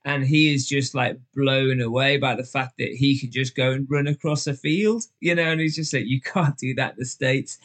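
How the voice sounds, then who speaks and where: A man with a Liverpool accent, a guest telling stories in a relaxed podcast chat, full of fillers and acted-out voices. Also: medium pitch, moderate pace, hardly any pauses. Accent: Liverpool English. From England. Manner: chatty storyteller, lots of fillers, acts out voices. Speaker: guest, ultra endurance runner.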